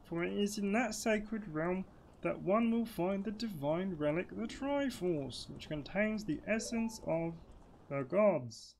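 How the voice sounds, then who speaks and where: A man voicing an ancient, dying male guardian tree in a slow, grand storybook reading. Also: high voice, animated, gravelly, a little mellow, a little hiss or hum, voice pushed up, exaggerated voice. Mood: solemn.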